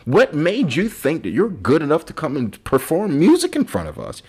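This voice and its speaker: A man's voice: a little high, wildly swooping pitch, moderate pace, a little mellow, breathy edge, voice pushed up, exaggerated voice. A man voicing an imagined audience member who mocks and insults a failing performer. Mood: mocking. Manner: mocking, insulting, profane.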